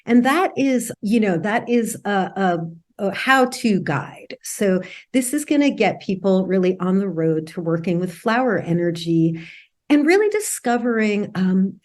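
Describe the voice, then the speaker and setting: A woman author and healer, a podcast guest, explaining her work in a gentle, earnest way. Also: mid-range voice. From United States. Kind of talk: interview conversation.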